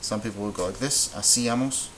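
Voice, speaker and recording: Guy teaching a whiteboard lesson, kinda low voice, patient, fixes his own slips, little bit of background hiss. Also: moderate pace, low-quality recording. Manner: patient, explains step by step, corrects himself. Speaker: Spanish teacher.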